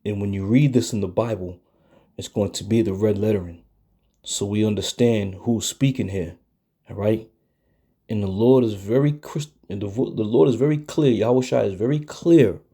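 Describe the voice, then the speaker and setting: A man teaching a Bible study lesson in a deliberate way, often pausing to check in with his listeners. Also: lowish voice, warm tone.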